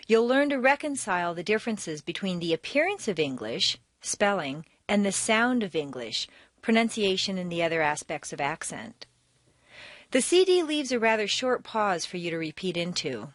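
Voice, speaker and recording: An American woman narrates a scripted accent lesson. Her pitch rises and falls in wide, melodic swings, and she talks quickly with her words linked together. The sound is close and dry, with no room echo. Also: fairly bright tone. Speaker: accent coach.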